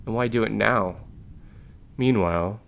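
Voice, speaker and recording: Deep gravelly man reading a game aloud. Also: measured pace, a bit bright. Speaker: game reviewer.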